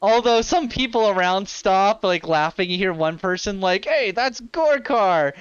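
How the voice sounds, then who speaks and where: Game master narrating a tabletop game, smooth voice. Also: mid-range voice, steady tone, normal speed, no echo, highs cut off. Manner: casual, filler-heavy storytelling. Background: ambient fantasy music.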